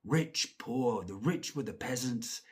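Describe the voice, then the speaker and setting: A middle-aged Scottish man tells stories from his own childhood in a casual, rambling way, swearing and chuckling as he goes. His mid-range voice is husky and darkish, with lively intonation, and he takes his time.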